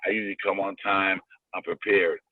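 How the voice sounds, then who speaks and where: A man's voice: deep voice, level tone, a little fast, no room sound. Rambling slangy man on a phone line. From Springfield, Massachusetts. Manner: slangy, rambling, repeats himself. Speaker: guest comedian calling in. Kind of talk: casual chat. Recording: tinny dry phone line.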